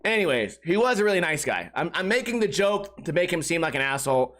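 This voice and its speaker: Young male podcast host, high voice, animated storyteller who acts out dialogue. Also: fast. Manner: animated, acts out quotes, laughs often. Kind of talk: casual storytelling.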